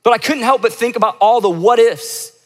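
A young pastor leading a church service tells the congregation a funny story, joking casually and acting out the quoted lines. His voice is extremely high and his pace brisk. A long hall reverb trails every word.

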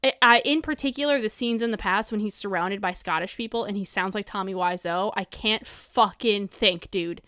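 A woman's voice: medium pitch, fairly quick, hardly any pauses, a bit bright, clean tone, dry recording, studio quality. A woman co-hosting a casual film review chat, laughing often and swearing casually. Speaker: podcast co-host.

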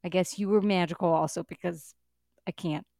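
A woman co-hosting a podcast in casual chat, animated and exasperated, swearing now and then and laughing as she talks. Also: fairly low pitch, fairly quick, gravelly, no room sound, clean studio sound. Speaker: podcast co-host.

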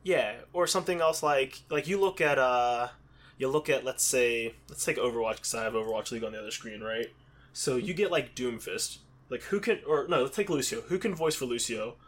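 A man's voice: mid-range voice, fairly quick, fairly bright tone. A man from Pittsburgh talking in a casual, rambling way, with lots of fillers and restarts. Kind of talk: casual chat.

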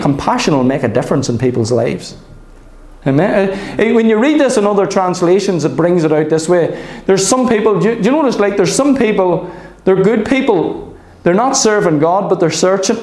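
A man preaching a sermon, animated and often asking "Amen?" of his congregation. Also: high voice, reverberant, rough recording.

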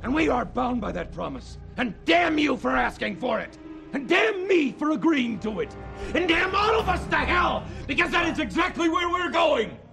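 An enraged commander in a TV drama, high gravelly shouts over faint music. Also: male voice, sing-song, moderate pace, full character voice. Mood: furious. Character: furious male station commander declaring war. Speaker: starship commander. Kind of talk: dramatic TV series acting.

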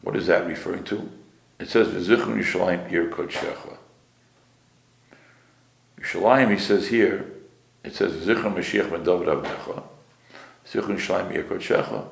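A man's voice: low-pitched, moderate pace, vocal fry, pauses often, roomy sound, a little hiss or hum. A man teaching a class as a rabbi. He explains Hebrew phrases, repeats key words and asks the class questions, with pronunciation. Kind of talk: Torah class lecture.

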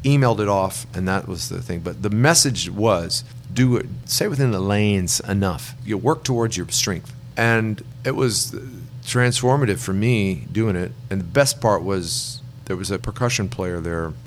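A man's voice: sits low, normal speed, hardly any pauses, a little hiss or hum. A middle-aged man, a songwriter guest, telling long rambling anecdotes and acting out the people he quotes. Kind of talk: relaxed storytelling in an interview.

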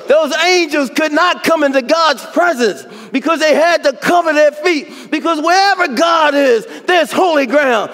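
Fervent male preacher, very high pitch, whoops and shouts, long hall reverb. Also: expressive, a little slow. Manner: whooping, shouting praise with rising fervor. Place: church sanctuary. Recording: long reverb of a church sanctuary.

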